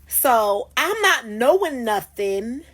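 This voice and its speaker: Husky woman telling a profane story. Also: a little high, big pitch swings, slow, a bit bright. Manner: profane, emphatic, dramatic retelling. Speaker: storyteller recounting her work night. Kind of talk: casual storytime monologue. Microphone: phone.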